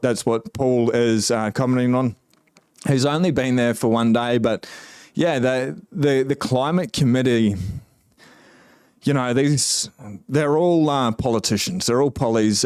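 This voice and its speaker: A man's voice: medium pitch, darkish tone, clear, resonant tone, no room sound, studio quality. A middle-aged Australian man hosting a casual live stream, chatting and greeting viewers as he reads their comments. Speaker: host.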